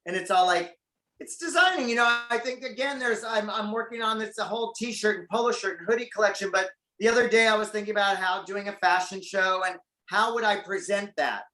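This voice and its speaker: A man's voice: high-pitched, a little fast, pushed and bright, echoey room. A man as a guest on a talk show, chatting casually and animatedly about his career. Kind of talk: casual interview chat.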